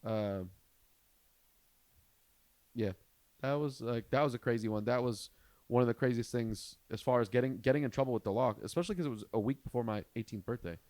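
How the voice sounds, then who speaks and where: A man's voice: medium pitch, brisk, dry recording. A young adult man, a comedian hosting a podcast, telling a rambling story in casual chat and acting out the people in it. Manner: rambling, animated storyteller who acts out quotes.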